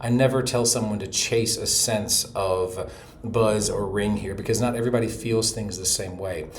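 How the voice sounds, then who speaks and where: Hoarse man teaching a voice lesson. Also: fairly low pitch, moderate pace, a little hiss or hum. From North Carolina, US. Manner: explains calmly, with short vocal demos. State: hoarse from laryngitis. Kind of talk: explanatory voice lesson.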